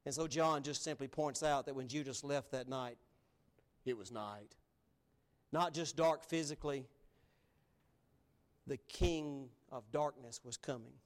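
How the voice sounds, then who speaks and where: A man preaching a sermon as pastor, emphatic, swinging between loud stresses and hushed asides. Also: mid-range voice, steady tone, unhurried. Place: church sanctuary.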